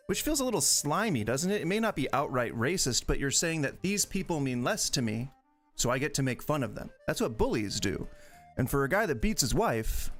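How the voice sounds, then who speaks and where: A man hosting a podcast, giving sarcastic, critical commentary on comedy clips. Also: medium pitch. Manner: sarcastic, critical, laughs and coughs. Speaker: podcast host.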